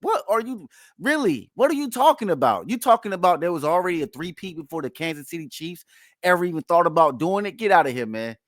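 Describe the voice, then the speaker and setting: Man host, higher pitch, dry close sound, emphatic mocking sports reactions. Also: sing-song, quick pace, no room sound. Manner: emphatic, playfully mocking, repeats himself. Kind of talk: casual sports reaction commentary.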